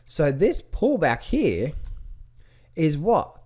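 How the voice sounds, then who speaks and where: Man, trading teacher, walking through charts on screen, animated, repeats phrases, slightly higher voice. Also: unhurried. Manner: rhetorical questions, repetitive, animated. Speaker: trading educator. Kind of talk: screen-share chart lesson.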